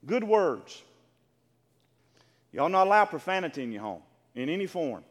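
In a large hall, a male preacher with a fairly high-pitched voice gives an emphatic, fervent sermon at a normal speed. He's very animated, rising to fervent shouts as he exhorts the congregation and calls out for their responses in call-and-response style.

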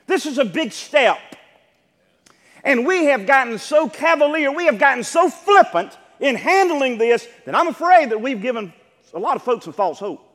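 Male pastor, sermon, very high voice, lively pitch, emphatic preaching, long church reverb. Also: normal speed. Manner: emphatic preaching, rising to near shouts. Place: church sanctuary.

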